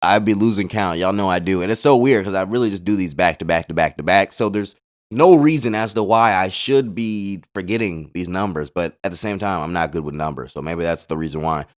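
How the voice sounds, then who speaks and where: Male host, relaxed slangy game commentary, smooth low-set voice. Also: brisk. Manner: laid-back, slangy, chatty asides. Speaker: gaming channel host. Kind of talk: casual card-game replay commentary.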